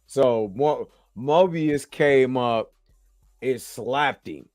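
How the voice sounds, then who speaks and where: In a medium-pitched, darkish voice, a man talks extremely slowly through a casual, slang-filled review of a TV episode, tired and yawning after a long work shift. He rambles and chats, often asking "you know what I'm saying," and the dry, studio-quality recording carries soft background music.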